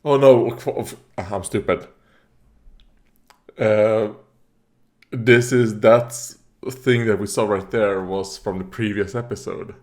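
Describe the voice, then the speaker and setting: A man with a lowish voice rambles through a casual reaction video. He fills his talk with "uh" and "like", coughs here and there, and tosses remarks straight at the screen. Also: takes it slowly, long pauses, darkish tone. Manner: rambling, talks back at the screen; frequent fillers and coughs. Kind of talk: casual commentary while watching.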